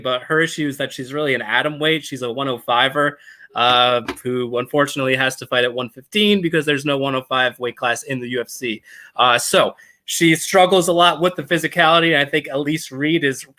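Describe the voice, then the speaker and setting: Bright-voiced man breaking down a fight. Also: on the high side. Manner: measured, analytical, dry quips. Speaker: podcast co-host. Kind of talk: casual podcast analysis.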